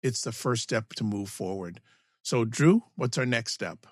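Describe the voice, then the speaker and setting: Guy cohosting a podcast, dry close sound, steady and affirming, some stumbles. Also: medium pitch, no room sound. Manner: affirming, steady, halting restarts. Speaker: podcast co-host. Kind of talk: casual podcast chat.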